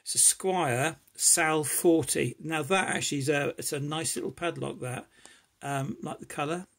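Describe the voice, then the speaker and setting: Gravelly man, eager unboxing chat. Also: fairly high pitch, moderate pace, fairly bright tone. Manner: enthusiastic, rambling, grateful. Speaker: lockpicking hobbyist vlogger.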